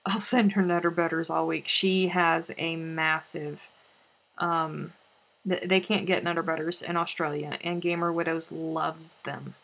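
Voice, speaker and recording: A woman's voice: low voice, steady tone, unhurried, gravelly, a bit bright. A woman hosting a live crafting stream, reading out viewer comments in a playful, chatty way. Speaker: crochet livestream host. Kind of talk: casual live-stream chat.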